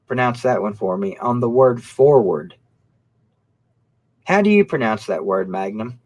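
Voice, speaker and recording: A man's voice: fairly low pitch, normal speed. A man hosting a casual live stream, joking, swearing and reading comments. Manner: profane, joking, reads comments. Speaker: host.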